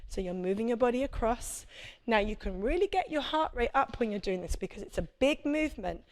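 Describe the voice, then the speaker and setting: A woman's voice: a little high, big pitch swings, fairly quick. A woman, a prenatal fitness instructor, coaching a live workout class with chatty, encouraging cues and check-ins.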